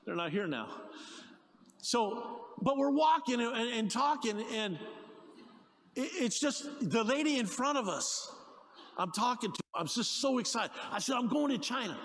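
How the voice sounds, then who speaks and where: Animated high-voiced pastor preaching in a hall. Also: male voice, measured pace. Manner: animated, excited preaching with frequent restarts. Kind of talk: sermon with storytelling. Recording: long hall reverb.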